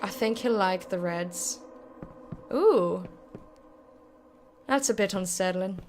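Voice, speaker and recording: A woman's voice: medium pitch, takes it slowly, a little mellow, slight background noise. A woman casually commenting on a game as she plays, in a playful, sweary way. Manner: playful, sweary, laughs often. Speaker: gameplay streamer. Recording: voice over game music.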